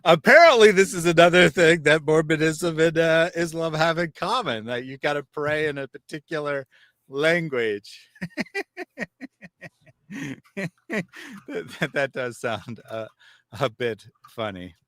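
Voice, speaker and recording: A man's voice: a little high, a little slow, a bit bright, no room sound, studio quality. A man hosting a live discussion, speaking with frequent restarts and reading viewer comments aloud. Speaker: host.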